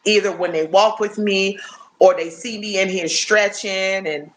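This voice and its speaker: A woman in her fifties chatting casually and warmly to her viewers on a phone livestream, often checking in with "you know what I'm saying?". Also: mid-range voice, fairly even intonation, a little slow, slight background noise. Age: 50s. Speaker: livestream host.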